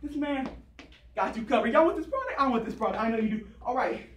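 A woman's voice: a little high, big pitch swings, fast talker, far from the mic. A woman giving a mock infomercial speech in hyped sales patter that talks straight to the audience, recorded from afar in an echoey room with faint noise.

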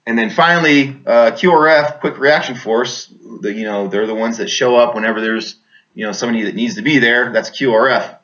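A man's voice: medium pitch, brisk, a bit bright. A man telling a personal war story as a veteran, rambling, repeating words, with many fillers. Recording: dull lo-fi recording.

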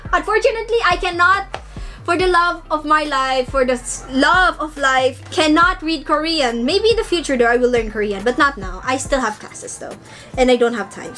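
A young woman with a high, bright voice gushes and squeals through a casual unboxing chat. She talks as a thrilled fan, with faint music playing behind her at home. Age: young adult. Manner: gushing, squealing fangirl excitement. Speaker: vlogger.

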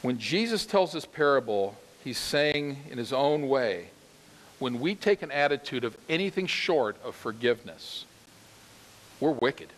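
A man preaching a sermon to his congregation, animated and emphatic, asking them questions directly. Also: mid-range voice, unhurried, in a large hall. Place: church sanctuary.

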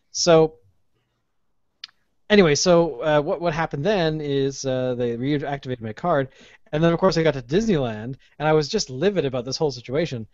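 A man, hosting a casual podcast chat and telling an animated, ranting story with plenty of swearing. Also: medium pitch, no room sound. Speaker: podcast host. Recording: dull lo-fi podcast audio.

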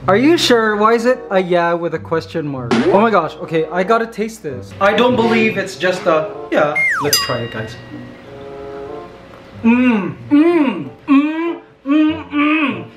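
A man hosting a casual vlog at home, playful and animated, his voice jumping up high when he gets excited. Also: measured pace, music in the background. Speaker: vlogger host. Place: apartment indoors.

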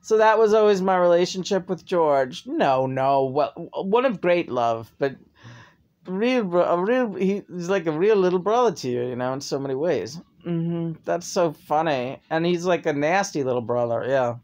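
A woman's voice: on the low side, expressive, moderate pace, a little mellow. Chatty, laughing woman vlogger. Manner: chatty, laughs often, swears freely. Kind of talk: casual chat.

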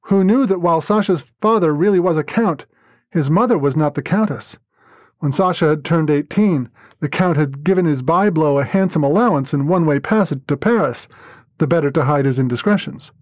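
Male podcast narrator with a slightly high voice for calm first-person story reading; dull, dry audio. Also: a little fast, no room sound.

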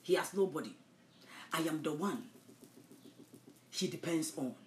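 A woman preaching a sermon, dropping to hushed whispers and rising to loud, impassioned shouts. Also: low-pitched, expressive, a little slow, a little hiss or hum. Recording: echoey room.

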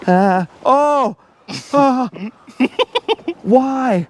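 A middle-aged man vlogging outdoors from a high forest walkway, nervous and breathless, laughing at himself and repeating his worries. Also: very animated, drawn-out words, pauses often, slight background noise. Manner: jittery and self-mocking, laughs often, repeats himself. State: breathless from nerves. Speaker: travel vlogger. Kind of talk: nervous chatter to camera while walking a treetop trail.

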